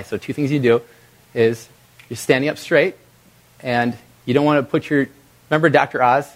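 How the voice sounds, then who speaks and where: A middle-aged man leads a live workshop and coaches the room with direct, energetic delivery. His voice sits at an ordinary pitch. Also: a little fast. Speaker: video presentation trainer. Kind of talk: live workshop talk to an audience.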